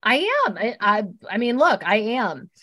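A woman co-hosting a podcast, chatting casually and telling the story in an animated way. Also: a little slow. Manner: animated storytelling, mimics others in high voices. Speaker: podcast co-host recapping a reality show. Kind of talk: casual chat.

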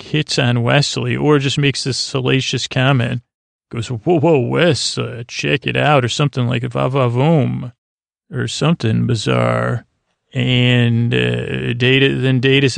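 A man's voice: medium pitch, vocal fry, dry recording. A man hosting a podcast, casually retelling a TV episode scene by scene, loose and rambling, with lots of fillers and restarts. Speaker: podcast host.

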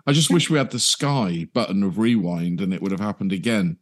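Male co-host, lowish pitch, meandering enthusiastic storyteller. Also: fairly quick. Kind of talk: casual chat.

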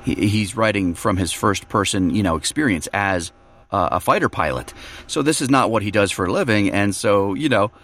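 A man who narrates audiobooks chats in a relaxed podcast conversation, explaining his process with fillers and restarts. His voice is on the low side and he speaks at a moderate pace.

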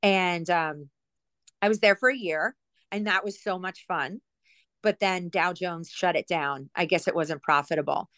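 A middle-aged ex-TV producer, appearing as an interview guest on a podcast, rambles through self-mocking stories with plenty of fillers and tangents. She speaks a little slowly in a lowish, fairly bright voice, and the recording is dry.

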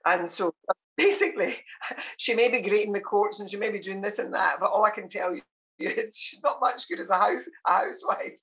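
An older woman talks as an interview guest. She tells family stories in a relaxed way and laughs often as she goes. Her voice sits at a middle pitch. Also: fairly quick. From Scotland. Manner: laughs often while telling anecdotes. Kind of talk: conversational interview.

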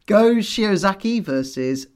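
A man's voice: sits high, animated, slow, smooth. A man co-hosting a casual podcast, hesitant and self-deprecating. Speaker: podcast co-host. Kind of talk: casual wrestling podcast chat.

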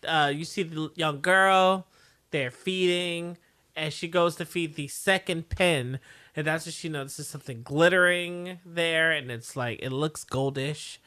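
Bright-voiced woman podcast co-host. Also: sits low, measured pace. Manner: agreeable, chiming in. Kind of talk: casual recap chat.

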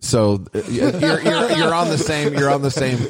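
A man's voice: medium pitch, sing-song, moderate pace, crowd noise. A man in his forties co-hosting a podcast in playful casual chat, laughing often, recorded in a home garage. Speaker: podcast co-host.

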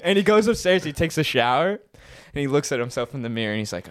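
A young man co-hosts a podcast in casual chat, his voice sitting high and swinging widely in pitch. He tells stories by acting out little scenes in different put-on voices. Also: moderate pace. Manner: animated storyteller, acts out scenes in silly voices. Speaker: podcast co-host.

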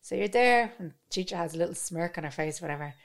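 Woman, lively and sweary, podcast chat, acts out what people said. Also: fairly low pitch, fast. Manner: animated, swears freely, acts out quotes. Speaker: podcast co-host. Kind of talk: casual chat.

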